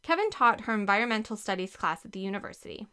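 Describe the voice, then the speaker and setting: A woman narrating a children's storybook with a lively, expressive reading. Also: medium pitch, quick pace, clear, resonant tone. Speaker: audiobook narrator.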